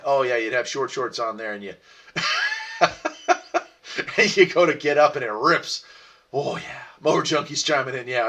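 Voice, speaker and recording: Male host, easygoing and chatty, answers viewer comments; mid-range voice, recorded a little distant. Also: medium pitch. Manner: relaxed, rambling, laughs often. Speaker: livestream host. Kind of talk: casual chat reading viewer comments.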